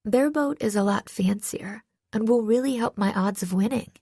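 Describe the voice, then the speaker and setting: A woman voicing a cheerful young female sailor in an audiobook, pitched a little higher than her narration. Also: moderate pace, warm tone, breathy edge, no echo, clean studio sound. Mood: hesitant.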